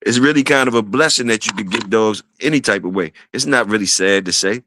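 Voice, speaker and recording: A man hosting a casual livestream, shouting out viewers and repeating his phrases. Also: on the low side, brisk, noisy background. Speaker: livestream host.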